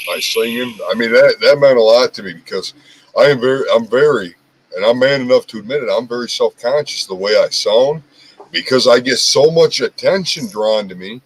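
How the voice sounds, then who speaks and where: A man with a deep voice hosting a casual chat, talking earnestly and candidly with many restarts. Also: low-quality recording. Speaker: host.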